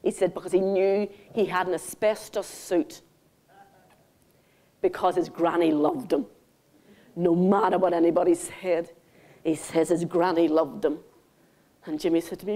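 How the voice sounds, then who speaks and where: Warm, dark-voiced older keynote speaker. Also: female voice, fairly low pitch, fairly even intonation, measured pace, long pauses. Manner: theatrical, intimate, calls audience darlings. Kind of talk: conference keynote speech. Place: conference hall stage.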